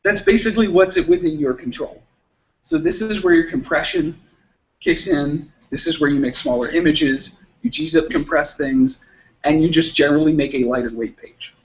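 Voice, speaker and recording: A man with a slightly higher voice gives a relaxed technical talk at a meetup. He leans on everyday analogies and acts out both sides of short exchanges. The recording sounds a bit muffled. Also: normal speed. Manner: explains with everyday analogies and acted-out dialogue. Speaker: meetup speaker.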